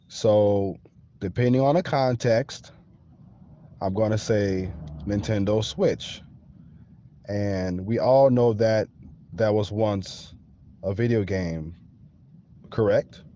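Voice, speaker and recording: A man with a lowish, mellow voice hosts a podcast, delivering a slow, casual monologue and checking in with the listener often. The audio sounds dull.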